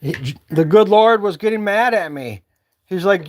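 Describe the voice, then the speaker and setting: A man with a notably high-pitched voice shares a personal story in an earnest, meandering way. He talks loosely to the camera, full of filler words, from inside a cabin with a woodstove. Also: moderate pace. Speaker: vlogger.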